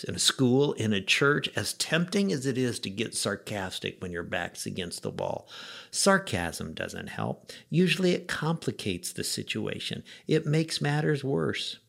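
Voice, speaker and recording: A middle-aged pastor gives a short devotional message, conversational and gently wry, posing rhetorical questions. His voice is medium-pitched with vocal fry.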